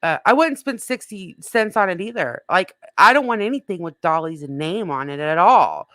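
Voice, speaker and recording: A woman's voice: fairly low pitch, expressive, normal speed, fairly bright tone, dry recording. A woman hosting a casual livestream, blunt and disgusted, swearing often. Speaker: livestream host.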